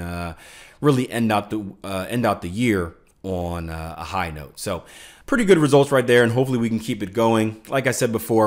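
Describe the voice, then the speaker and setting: A man hosting a trading video, talking casually with frequent restarts and fillers in an upbeat, self-promoting way. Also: lowish voice. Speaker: forex trader and video host. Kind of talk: casual market commentary and sign-off.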